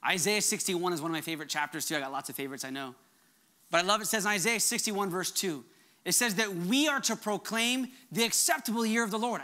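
A middle-aged man preaching a sermon in an earnest, emphatic way, at times dropping to a soft, quiet voice. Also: high-pitched. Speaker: pastor.

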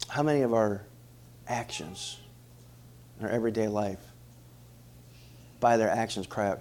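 A middle-aged male pastor preaching a sermon in an animated way, often repeating words and asking the congregation questions. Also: lowish voice, a little slow, long pauses, a little hiss or hum.

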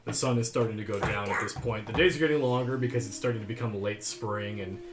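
A man running a tabletop game as game master, describing scenes in a relaxed, storytelling way with fillers. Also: on the low side, fast talker, over music. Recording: roomy room sound.

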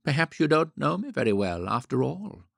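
A man reading the part of a proud, playfully teasing woman in an audiobook, speaking in an arch, gently mocking way. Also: medium pitch, big pitch swings, normal speed, gravelly, no echo, clean studio sound, voice pushed up.

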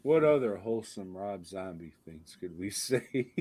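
A man's voice: lowish voice, expressive, unhurried, warm tone. A man co-hosting a horror podcast, talking casually with lots of swearing and laughter. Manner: profane, laughing, rambling. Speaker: podcast co-host. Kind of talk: casual chat.

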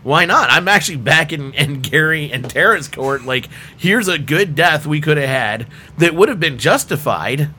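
A man hosting a relaxed podcast chat, talking in a bright, forceful voice. He gets animated and laughs often. Faint hiss sits behind him. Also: fairly high pitch, moderate pace. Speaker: podcast host. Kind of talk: casual chat.

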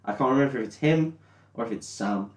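Brief: tipsy podcast host, giggly and sweary, roomy echo, a bit off-mic. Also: male voice, medium pitch, recorded from a distance. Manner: laughs often, swears, acts out characters in quick voices. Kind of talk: drunken comedic film recap.

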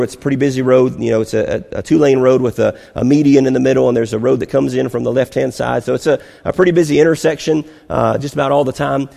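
A man's voice: mid-range voice, creaky, darkish tone. A man preaching a sermon as a pastor, telling a personal story in a conversational way and restarting often. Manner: conversational, repeats words while restarting. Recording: long hall reverb.

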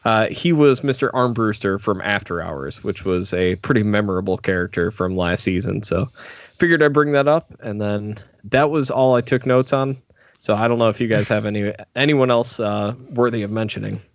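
A man's voice: on the low side, normal speed, no room sound. A man co-hosting a podcast in casual chat, easygoing and often laughing. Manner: laughing, easygoing, hands over segments. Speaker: podcast co-host. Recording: dry, slightly dull podcast mic.

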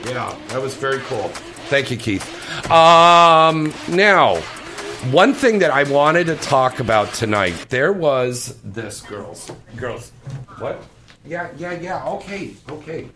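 A man's voice: mid-range voice, very animated, takes it slowly, pushed and bright, soft background music. A man hosting a casual chat show, joking and teasing his guests. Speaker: host.

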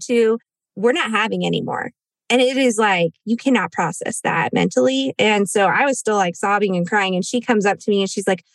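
A woman's voice: fairly high pitch, dry recording. A woman in her thirties telling a painful personal story on a podcast, in a chatty way full of fillers and acted-out quotes. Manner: chatty, many "like" fillers, acts out quoted speech. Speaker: podcast guest. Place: outdoors in a cemetery.

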